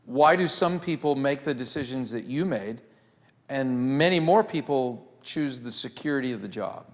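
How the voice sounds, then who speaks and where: Host, male, middle pitch, curious interviewer, echoing hall. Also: lively intonation, moderate pace. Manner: probing questions, frequent short affirmations. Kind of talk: conversational interview.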